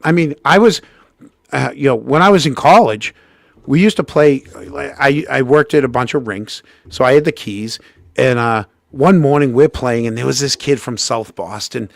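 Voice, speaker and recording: A middle-aged man with a gravelly, creaky voice spins a casual story. He acts out every quote with sudden leaps in pitch and restarts his sentences often. The sound is close and dry. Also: moderate pace, no room sound. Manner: animated, acts out quotes with big pitch jumps, frequent restarts. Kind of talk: casual anecdote telling.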